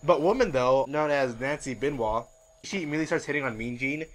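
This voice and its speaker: A man hosting a podcast in casual chat, rambling and animated with many filler words. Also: medium pitch, fairly quick, poor audio. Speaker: podcast host.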